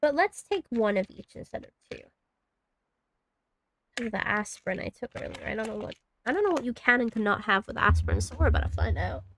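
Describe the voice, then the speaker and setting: High-voiced woman streamer rambling, swearing. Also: very animated, a little fast, fairly bright tone, a little hiss or hum. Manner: rambling, swears freely, talks to herself. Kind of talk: casual gaming commentary.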